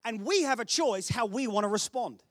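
High-voiced Australian pastor preaching. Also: male voice, expressive, normal speed, a bit bright, no room sound, studio quality. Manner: chatty storytelling with self-deprecating humour. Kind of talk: sermon.

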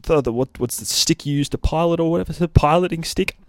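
A man's voice: a little high, fast talker, dry recording, clean studio sound. A man casually retelling a comic book story, swearing freely and laughing at his own rants. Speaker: comic book podcast host. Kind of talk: casual profane comic recap.

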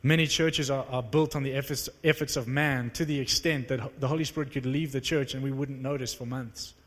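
Young South African preacher in a hall. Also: male voice, mid-range voice, fairly quick. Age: young adult. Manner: animated storytelling, rising to excited exclamations. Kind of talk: sermon with personal testimony. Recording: reverberant hall.

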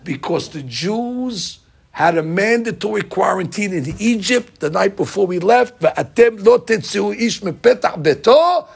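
A man, a rabbi, giving a storytelling sermon that swings between hushed and loud. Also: high-pitched, animated, measured pace, vocal fry, husky. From United States.

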